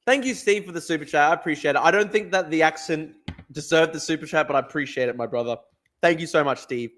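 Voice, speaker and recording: A man hosts a casual live stream chat, cracking crude jokes and talking while he eats. His voice is a little high and fairly bright, and he speaks at a quick pace.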